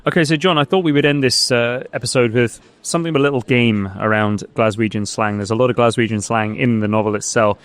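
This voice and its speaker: A man's voice: medium pitch, fairly even intonation, fast talker, hardly any pauses, clean tone. A man hosting a book podcast, quizzing his guest with a light, laughing manner, recorded outdoors by a street. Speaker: podcast host and interviewer. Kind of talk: casual interview chat.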